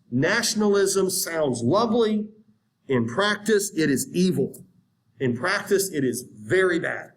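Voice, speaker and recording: A man giving a history lecture in an animated, conversational way, acting out historical viewpoints. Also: fairly high pitch. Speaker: history teacher. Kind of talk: classroom lecture.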